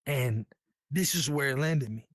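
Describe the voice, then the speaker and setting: A man's voice: mid-range voice, measured pace, no room sound. Candid slangy man from New York. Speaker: Navy veteran guest. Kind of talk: casual storytelling.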